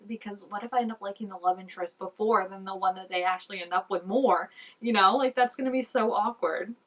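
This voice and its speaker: A woman giving casual, excitable reaction commentary, full of "like" and dropping into soft asides. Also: mid-range voice, recorded from a distance, rough recording. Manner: chatty and excitable, peppered with "like", drops to soft asides. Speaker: reaction video host.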